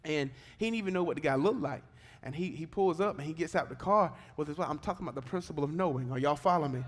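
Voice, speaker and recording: A man delivers a church sermon in a notably high voice. He tells stories in a loose, conversational way and then rises into fervent, insistent preaching. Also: fast talker. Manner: preaching, swings from conversational storytelling to fervent exhortation. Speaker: pastor. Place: church service.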